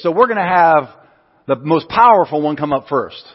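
Male pastor, storytelling sermon, husky tone, muffled hall recording. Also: on the high side, animated, moderate pace, some chatter behind. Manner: storytelling with acted-out quotes. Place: church hall. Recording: muffled sound in a reverberant hall.

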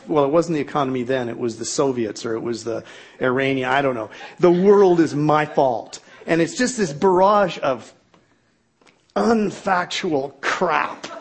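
A man's voice: fairly high pitch, breathy edge. A middle-aged man telling a humorous personal story to an audience in a self-mocking, exaggerated comic way.

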